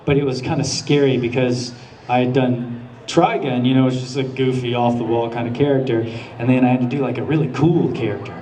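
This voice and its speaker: With a warm, medium-pitched voice and fairly even intonation, a man talks a little fast while answering questions as the guest voice actor on a convention panel. He's easygoing, laughs a lot, and tells stories. Recorded on a handheld camera far from the stage, the large hall sounds echoey, with some hiss or hum, audience murmurs, and laughter.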